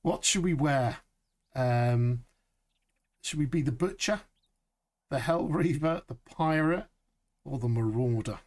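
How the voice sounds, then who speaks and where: A man streaming a survival game live, chatty and upbeat, saying "boom" as he works. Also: takes it slowly, pauses often, a little mellow. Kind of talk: live gameplay commentary.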